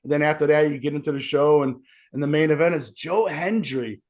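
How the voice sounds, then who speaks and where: A man's voice: on the high side, a little fast, a little mellow. Sore, rambling wrestler man. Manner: rambling, self-pitying, jokey. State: sore ribs, wincing in pain. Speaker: pro wrestler interviewee. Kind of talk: casual interview chat.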